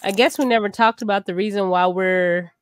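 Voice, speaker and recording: A woman talking casually and easily in a relaxed conversation about family history. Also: mid-range voice, brisk, clean tone, dry recording. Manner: relaxed and chatty, laughs easily.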